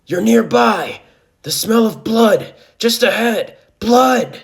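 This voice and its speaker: A man voicing a huge, blind, bloodthirsty chimera beast in frenzied, screeching shouts. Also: high voice, lively intonation, takes it slowly, vocal fry, pitched above the performer's own voice, full character voice.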